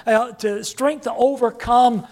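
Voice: mid-range voice, fairly even intonation, takes it slowly, darkish tone. A preacher delivering a sermon, repeating key phrases for emphasis and calling on the congregation to say lines back and answer.

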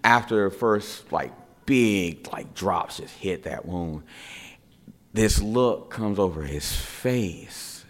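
A middle-aged man, a father, telling a family story in a casual, animated way and repeating words for effect. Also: fairly low pitch, slow. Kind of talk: casual spoken anecdote.

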